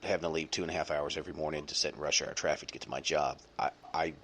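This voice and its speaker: A man's voice: extremely low pitch, steady tone, very fast, a bit bright, slight background noise. A man hosting a podcast, chatting casually and rambling with many fillers and restarts. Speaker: podcast host. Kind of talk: casual chat.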